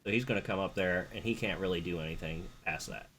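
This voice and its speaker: A man's voice: low voice, fast talker, a bit bright, husky. A man running a tabletop game as game master, casually narrating combat and counting out moves.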